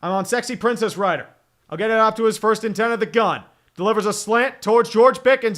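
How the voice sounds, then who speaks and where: A man's voice: sits high, fairly quick, fairly bright tone, slight background noise. A man in his thirties giving live play-by-play as a fan streamer, profane, exasperated and sarcastic as he reads chat between plays. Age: 30s.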